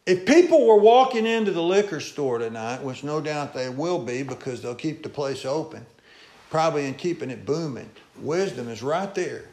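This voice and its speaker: A male pastor preaching a folksy sermon, swinging between loud calls and low asides. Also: lively intonation, moderate pace. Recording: echoey church room.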